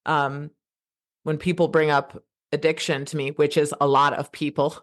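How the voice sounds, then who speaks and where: A woman's voice: low-pitched, flat delivery, moderate pace. A woman in her thirties, a podcast guest, talking passionately in casual conversation, often restarting her sentences. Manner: passionate, fired up, rambling with restarts.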